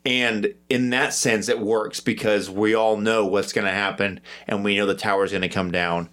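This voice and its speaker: A man's voice: on the low side, fairly even intonation, normal speed, a bit bright. A man co-hosting a podcast, talking through his thoughts in a rambling, hesitant, self-deprecating way. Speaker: podcast co-host. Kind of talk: casual podcast discussion.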